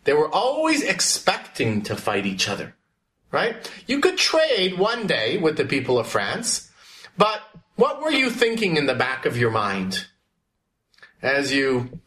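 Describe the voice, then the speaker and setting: A man's voice: mid-range voice, very animated, takes it slowly, fairly bright tone. A man teaching a class, asking questions and calling on students by name. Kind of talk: classroom history lesson.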